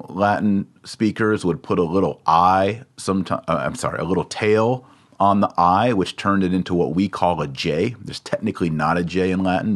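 A man teaching the Latin words of a Catholic prayer in a casual spoken lesson, patiently repeating words slowly to drill their pronunciation. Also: sits low.

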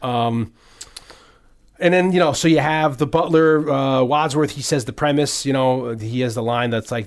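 A man's voice: medium pitch, normal speed. Rambling man on a podcast. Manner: rambling, many restarts and fillers. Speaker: podcast host. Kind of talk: casual movie chat.

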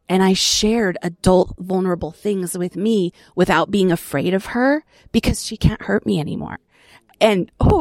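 A middle-aged woman sharing her recovery story in an earnest, reflective way, with soft laughs between phrases. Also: mid-range voice, moderate pace, creaky, no room sound, clean studio sound. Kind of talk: personal testimony.

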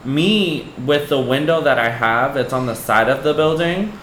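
A man's voice: a little high, expressive, moderate pace, fairly bright tone, reverberant, slight background noise, rough recording. A man co-hosting a podcast in casual chat, exasperated and chatty, full of "like" and "girl". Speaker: podcast co-host. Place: apartment room.

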